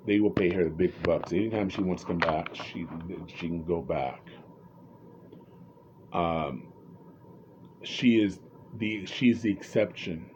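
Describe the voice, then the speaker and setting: A man's voice: low voice, takes it slowly, pauses often, lo-fi sound, background noise. A man commenting on reality TV in a casual, rambling, opinionated way, often restarting his sentences.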